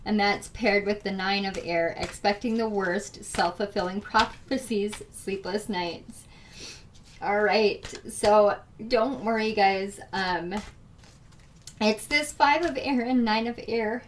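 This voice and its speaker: A woman's voice: medium pitch, takes it slowly, far from the mic, slight background noise. A woman doing a casual tarot reading, chatty and emotional, with frequent laughs and fillers. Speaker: tarot reader.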